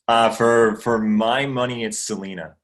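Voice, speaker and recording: A man's voice: medium pitch, fairly even intonation, a little slow. A man from Maine, a guest actor chatting casually in a livestream Q&A, rambling with fillers and swearing freely. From Maine, USA.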